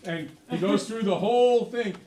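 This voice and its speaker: Animated male teacher in an echoey classroom. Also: high-pitched, normal speed, recorded from a distance. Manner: chatty, animated storyteller, jokes with students. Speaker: math teacher. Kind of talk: classroom lecture with stories.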